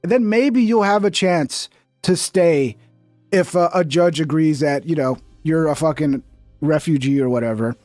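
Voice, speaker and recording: A man's voice: a little high, moderate pace, a little mellow, no room sound, soft background music. A man streaming casual commentary over a video, blunt and mocking, swearing often.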